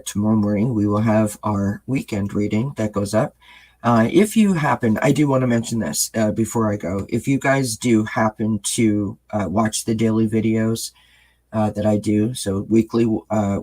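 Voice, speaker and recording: A man with a low, husky voice talks to his viewers in a casual, gentle way. He halts often, fills gaps with ums and restarts his sentences. The tone stays earnest and sincere. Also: poor audio. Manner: halting, full of ums and restarts. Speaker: tarot reader and channel host.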